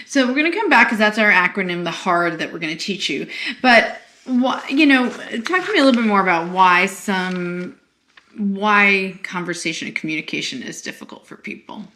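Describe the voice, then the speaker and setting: A woman from Long Island, a psychologist co-hosting a podcast, who chats casually and tells animated stories, acting out the people she quotes. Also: medium pitch, normal speed. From Long Island, New York. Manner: animated storytelling, acts out quoted voices. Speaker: podcast co-host, clinical psychologist. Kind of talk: casual conversational chat.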